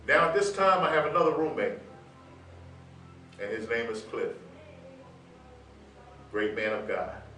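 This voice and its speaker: A man telling a personal story in a sermon, quoting scripture and building to loud proclamations. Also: medium pitch, expressive, a little slow, pauses often. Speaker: preacher. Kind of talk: sermon testimony. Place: church sanctuary. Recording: roomy sound from far off with music.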